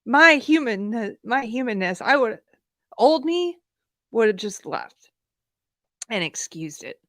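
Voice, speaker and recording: A woman hosting a live talk show, telling a personal story in a candid, animated way with fillers and laughs, at times close to tears. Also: fairly high pitch, takes it slowly, no room sound. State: emotional, near tears. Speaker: podcast host. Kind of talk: live-streamed commentary, personal anecdote.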